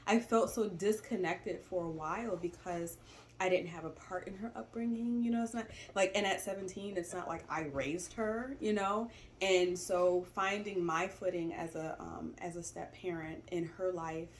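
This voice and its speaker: A woman's voice: fairly low pitch, normal speed, a little hiss or hum. A woman in her forties talking reflectively about family in a casual chat, with many "you know" fillers. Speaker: stepmother co-host.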